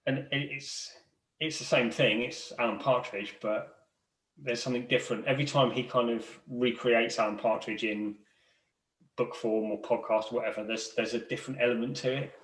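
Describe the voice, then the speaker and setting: A man's voice: medium pitch, fairly even intonation, moderate pace, a bit bright. A man co-hosts a casual podcast, talking enthusiastically and often doubling his words as he starts. He sits a little back from the mic, and the room rings around him. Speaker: podcast co-host. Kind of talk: casual chat. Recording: roomy and distant from the mic.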